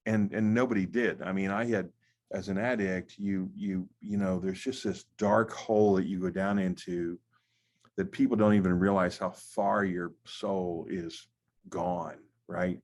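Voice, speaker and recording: A middle-aged American pastor, his voice sitting a little low. He talks in a conversational way, full of fillers and restarts. He tells his story haltingly as an interview guest. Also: steady tone, a little mellow. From United States. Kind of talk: conversational testimony.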